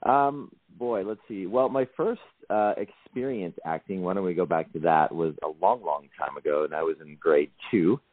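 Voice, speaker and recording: A man's voice: low-pitched, moderate pace, few pauses, no room sound. A man from Canada, an actor calling in to a radio interview, easygoing and reflective. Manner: easygoing and reflective, with many fillers. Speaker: actor and guest. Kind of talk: interview answers. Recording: tinny phone line.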